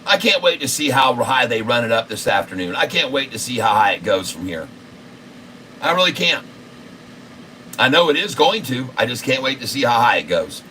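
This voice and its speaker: A man hosting a live day-trading stream, excitable and repetitive, cracking crude jokes and bursting out loudly. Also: medium pitch, normal speed, a little hiss or hum. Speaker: day-trading livestream host.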